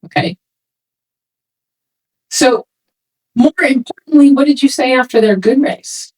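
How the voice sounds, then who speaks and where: A woman speaking to a room of swimming parents in a casual, animated way, acting out quoted remarks as she goes. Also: high-pitched, unhurried, husky, low-quality recording. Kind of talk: talk to a parents' session.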